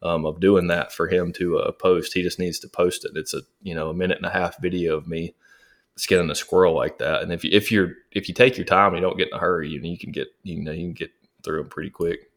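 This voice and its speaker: A man's voice: low-pitched, fairly even intonation, fast talker. A man guesting on a casual hunting podcast, talking eagerly and often repeating words as he goes.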